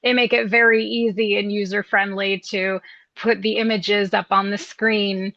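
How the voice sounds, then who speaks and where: A woman's voice: mid-range voice, flat delivery, normal speed, a bit bright, no room sound. A woman being interviewed in casual chat, laughing often and mocking people with put-on voices. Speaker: guest. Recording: slightly dull lo-fi sound.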